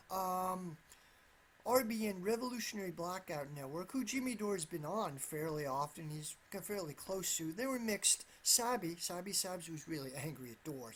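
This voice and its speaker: This political commentator speaks alone in a high voice, wandering and repeating himself with a cautious, hedging tone. He frequently starts sentences over and leans on the word "absolutely." A faint hiss or hum sits under the audio.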